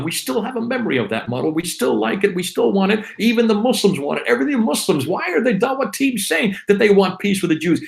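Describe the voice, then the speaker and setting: Speaking in a high, gravelly voice over a rough recording, a man co-hosting a livestream delivers a fervent sermon-like monologue. He is a Christian apologist who exhorts his audience with insistent, recurring refrains.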